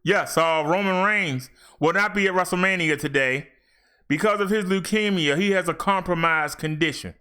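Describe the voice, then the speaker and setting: A middle-aged man hosting a wrestling review show, ranting in a blunt, animated, trash-talking way. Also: high-pitched, normal speed, smooth.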